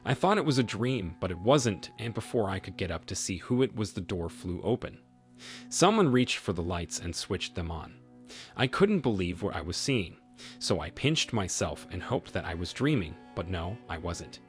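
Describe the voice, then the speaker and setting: A man's voice: deep voice, sing-song, normal speed. A man narrating a first-person story and a short reaction, reading steadily without fillers. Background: faint background music.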